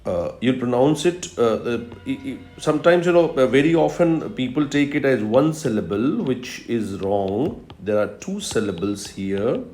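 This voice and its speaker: Male professor, unhurried lecture, repeats key terms, echoey room. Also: medium pitch, lively intonation, dark tone. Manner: explains step by step, repeats key terms, frequent "uh" fillers. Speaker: professor of literature. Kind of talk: recorded video lecture. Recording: roomy echo.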